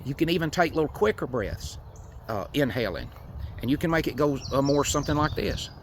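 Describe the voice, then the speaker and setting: A man from Tennessee gives a folksy, unhurried demonstration of hunting calls, with frequent fillers. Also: fairly high pitch, sing-song, very noisy. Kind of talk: outdoor how-to demonstration.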